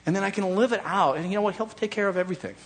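A man preaching a conversational sermon, acting out imagined prayers and excuses, shifting between soft low murmurs and raised emphatic phrases. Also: rapid-fire, slightly rough. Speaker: pastor.

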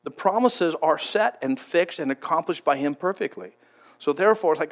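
Male pastor, high-pitched, chatty and emphatic, preaching a sermon. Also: animated, normal speed. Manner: conversational, emphatic, repeats words.

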